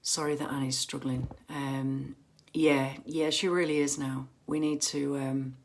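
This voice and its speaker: A woman's voice: rumbling low, fairly even intonation, unhurried, slight background noise. A woman hosting a casual fan livestream from home on her phone camera, chatty and rambling with lots of ums and restarts.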